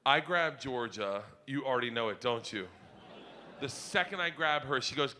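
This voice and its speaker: A middle-aged man performing stand-up comedy on stage, telling loud, rowdy stories and shouting his punchlines. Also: medium pitch, moderate pace, slight background noise. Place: comedy stage before a live audience.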